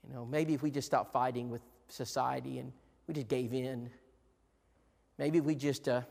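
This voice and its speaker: A middle-aged man preaching a sermon, repeating himself, swinging between hushed asides and rousing emphatic bursts. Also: medium pitch, fairly even intonation, moderate pace, gravelly. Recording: long reverb in a large hall.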